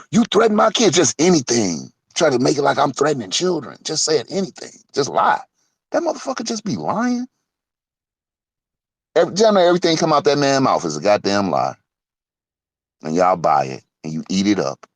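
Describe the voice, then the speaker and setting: Heated profane man with lively pitch. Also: no echo. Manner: heated, profane, swings from loud to muttering; lively pitch, laughs between points. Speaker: online show host. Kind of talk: casual rant.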